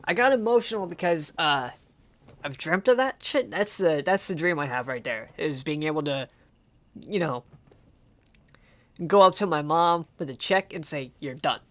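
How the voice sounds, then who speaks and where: A man's voice: fairly high pitch, animated, a little slow, long pauses, a bit bright. A young man giving casual reaction commentary on a music video, passionate and swearing a lot, repeating himself as he rambles, emotional and close to tears. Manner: passionate, profane, repetitive and rambling.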